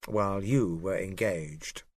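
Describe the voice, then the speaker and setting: A man voicing a prim, aloof female secretary with a posh English accent, speaking in a clipped, quiet way. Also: low voice, slow pace, no echo.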